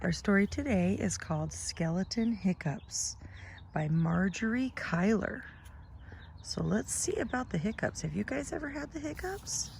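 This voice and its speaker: A middle-aged woman reading a picture book aloud to young children, gentle and sing-song, pointing out the pictures as she goes. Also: medium pitch, big pitch swings, moderate pace, gravelly, few pauses, a little hiss or hum. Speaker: children's storytime reader.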